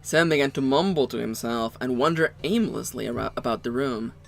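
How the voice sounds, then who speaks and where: A man co-hosting a let's play, reading the game's narration aloud with quick joking asides. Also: medium pitch, vocal fry.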